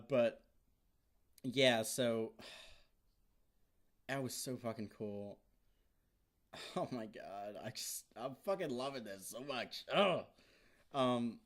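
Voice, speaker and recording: A young man rambles through an episode recap with a lot of fillers and restarts. He swears casually, and his enthusiasm keeps breaking into loud, high-pitched outbursts before he settles back into a medium-pitched, chatty tone. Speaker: vlogger.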